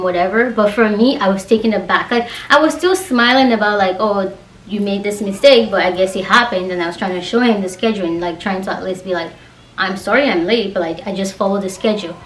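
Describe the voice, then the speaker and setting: A young woman vlogging a casual storytime rant, animated and exasperated, acting out the quoted dialogue. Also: medium pitch, recorded from a distance. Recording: roomy echo, voice away from the mic.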